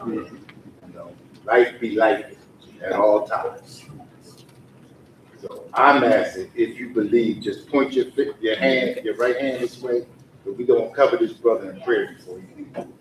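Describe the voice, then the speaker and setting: A man's voice: medium pitch, a little slow. A man leading a fervent spoken prayer at a community forum, repeating "Lord" between phrases. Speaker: faith leader leading prayer. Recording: echoey room, far from mic, faint noise.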